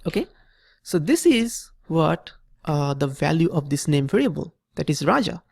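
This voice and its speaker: Patient coding tutor, dry close sound. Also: male voice, on the high side, very animated, normal speed, creaky, breathy edge, no room sound. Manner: patient, repetitive, checks in with "okay?". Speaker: programming instructor. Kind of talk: screen-recorded coding tutorial.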